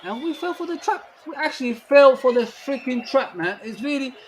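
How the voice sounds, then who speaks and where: Exasperated high-pitched man ranting at his team. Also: lively intonation, moderate pace, a little hiss or hum. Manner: exasperated, disbelieving rants. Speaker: fan stream co-host. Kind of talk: live match watchalong chat.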